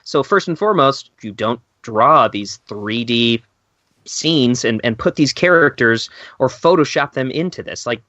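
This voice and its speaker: A man chatting on a casual podcast, emphatic and laughing often, swearing when he gets heated. His voice is mid-pitched and sits close and dry on the mic. The sound is a little dull. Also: expressive, a little slow, bright, forceful tone, dry recording. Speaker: podcast co-host.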